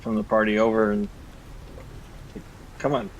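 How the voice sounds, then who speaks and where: Hesitant low-voiced man at a game table. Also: completely flat delivery, measured pace, lo-fi sound, a little hiss or hum. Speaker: player. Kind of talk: tabletop role-play.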